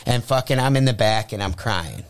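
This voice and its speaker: A young man spins a story in a loud, swear-heavy rush and keeps slipping into the voices of the people in it. His voice sits a little low. The sound is dry and close, with almost no room echo. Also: a little fast, clear, resonant tone. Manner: profane, animated storyteller acting out quotes. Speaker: comedian guest. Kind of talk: casual storytelling chat. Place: radio studio.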